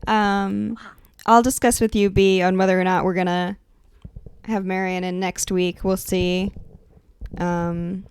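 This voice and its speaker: A woman's voice: mid-range voice, little pitch movement, measured pace, clear, resonant tone, dry recording. A woman narrating as game master of a tabletop game, speaking hesitantly with many fillers. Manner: hesitant, lots of fillers and restarts.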